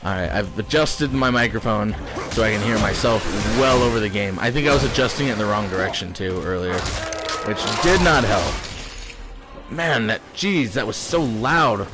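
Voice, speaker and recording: A man's voice: lowish voice, normal speed. A young man giving casual, joking let's-play commentary, swearing freely and rambling as he plays. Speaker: gaming streamer. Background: loud game audio with music.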